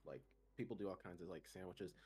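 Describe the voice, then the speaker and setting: A man streaming live, chatting casually, animated, laughing often and poking fun at himself. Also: low voice, fast, breathy edge.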